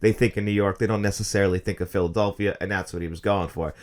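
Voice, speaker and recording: A man's voice: deep voice, fairly even intonation, darkish tone. A man in his thirties giving a casual, opinionated review of a film and its disc release. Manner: fast, enthusiastic, opinionated talk.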